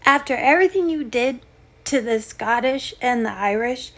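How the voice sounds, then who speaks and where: A young woman with a high voice and a gravelly, fry-laden edge rants as a podcast host. Her delivery is sarcastic and combative, and she jabs her points straight at the listener. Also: animated, normal speed. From United States. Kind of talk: ranting comedic monologue.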